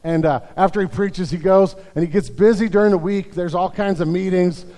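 A man with a high voice preaches to his congregation, telling a story with humor and many restarts. His voice carries a long reverb from the church sanctuary. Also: fairly even intonation, a little fast, dark tone. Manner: storytelling with jokes, frequent restarts. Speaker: pastor. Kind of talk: sermon.

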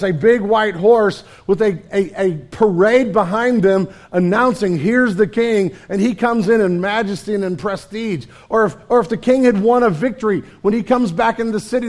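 A man preaching a conversational sermon as a pastor, often dropping to a quiet, low delivery.

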